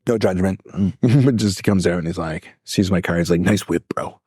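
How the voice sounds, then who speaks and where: A man co-hosting a podcast as a life coach, telling a long story in an animated way, acting out voices and laughing often. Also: deep voice, moderate pace, breathy edge, dry recording, studio quality. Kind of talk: casual storytelling chat.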